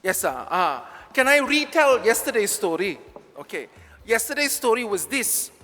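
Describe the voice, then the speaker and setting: A man's voice: sits high, very animated, moderate pace, bright, forceful tone, big-room sound, soft background music. A priest with a Malaysian English accent, giving a chatty, joking homily straight to his congregation in a large church.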